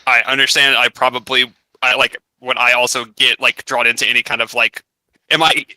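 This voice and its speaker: Very bright, smooth-voiced gamer man. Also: medium pitch, level tone, a little fast, no room sound. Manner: rambling, full of fillers. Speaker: player. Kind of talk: playing a tabletop game.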